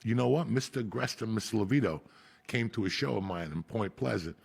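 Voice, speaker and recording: A man hosting a podcast, telling profane, animated stories from his school days. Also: on the low side, fast talker. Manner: raspy, profane, animated, breaks into laughter. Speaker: podcast host. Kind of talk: profane casual storytelling.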